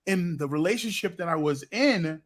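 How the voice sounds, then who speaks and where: Male co-host, high-voiced, earnest preacherly storyteller. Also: animated, moderate pace. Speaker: podcast co-host. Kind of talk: casual chat.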